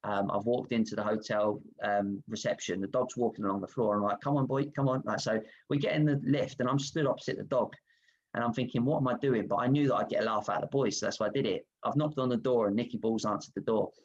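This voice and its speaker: A man's voice: lowish voice, fast talker, dull audio. A man, a former footballer, telling candid stories about himself over a video call. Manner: self-reflective, frank, animated anecdotes. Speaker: guest footballer. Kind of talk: candid storytelling.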